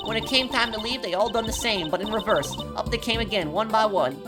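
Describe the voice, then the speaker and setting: A woman voicing a brash, folksy young woman photographer with a put-on Southern drawl, pitched above her own voice. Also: a little fast, over music, natural voice. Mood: chatty. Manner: chatty, folksy, higher than her own voice. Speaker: game voice-over player.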